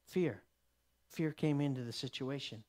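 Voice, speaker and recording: A man's voice: mid-range voice, unhurried, darkish tone. A man teaching a sermon emphatically, often restarting his sentences. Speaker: Bible teacher.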